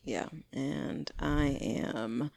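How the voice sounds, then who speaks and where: A woman's voice: a bass voice, extremely slow, vocal fry, darkish tone. A woman co-hosting a podcast in casual chat, playful and teasing, laughing often. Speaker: podcast co-host.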